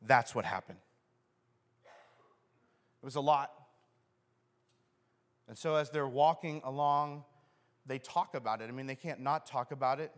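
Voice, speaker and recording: Male pastor, sermon, lively storyteller acting out scenes, long church-hall reverb. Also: mid-range voice, measured pace, long pauses. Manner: animated storyteller who acts out scenes.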